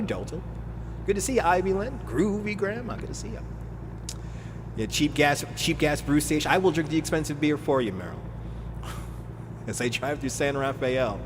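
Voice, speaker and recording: A man's voice: medium pitch, background noise. A man in his forties chatting casually on a live stream while he drives in a truck simulator, laughing often and answering his chat. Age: 40s. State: drinking beer while streaming.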